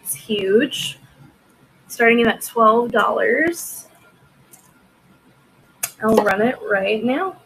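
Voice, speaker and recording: A woman's voice: on the high side, animated, drawn-out words, gravelly, long pauses, fairly bright tone, a little hiss or hum, low-quality recording. A woman hosting a casual live-stream auction, chatting with viewers by name and laughing often.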